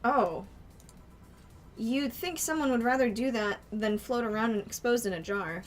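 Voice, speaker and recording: A woman's voice: a little high, moderate pace, faint music behind, lightly acted. A woman reading a laid-back female bartender. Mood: easygoing. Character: calm, dry female bartender. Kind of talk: fan voicing of game dialogue.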